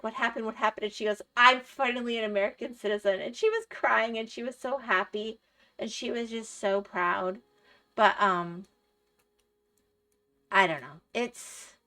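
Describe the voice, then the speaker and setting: A woman's voice: medium pitch, fairly bright tone. A middle-aged woman livestreaming, chatting casually and rambling through stories, laughing often and answering her chat. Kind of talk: casual chat while gaming.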